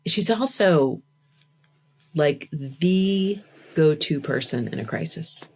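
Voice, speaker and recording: A chatty woman speaking as a guest on a podcast, her voice sitting a little low. She talks in a loose, casual way, dropping "like" between her thoughts. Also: lively intonation, takes it slowly, husky. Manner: chatty, lots of "like" fillers. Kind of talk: casual conversation.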